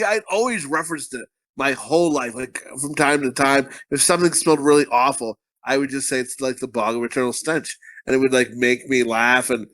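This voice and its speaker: A man's voice: mid-range voice, fairly bright tone. A man co-hosting a podcast, rambling through crude stories with lots of fillers and profanity. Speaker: podcast co-host. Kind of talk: casual crude comedy chat.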